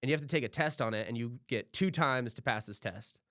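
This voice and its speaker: A man talks fast and loose on a podcast, piling up stories and swearing as he goes. His voice sits at an ordinary pitch, recorded close and dry with no room sound. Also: fairly bright tone, no echo. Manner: rambling storyteller, swears freely, acts out quotes. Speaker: podcast host. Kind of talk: casual chat.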